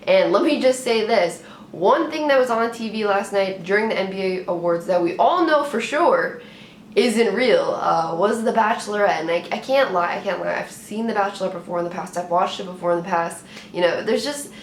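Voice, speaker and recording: A woman's voice: medium pitch, animated, moderate pace, a little hiss or hum. A young woman talking casually to camera as a sports vlogger, chatty and playful, rambling a little with restarts. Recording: roomy echo with faint ambience.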